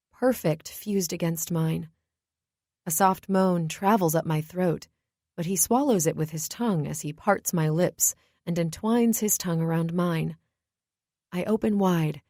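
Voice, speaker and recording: A woman narrates a romance in the first person with a low, gravelly voice. Her reading is slow, hushed and intimate, with a warm, mellow tone. The recording sounds dry and close. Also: no room sound. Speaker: audiobook narrator.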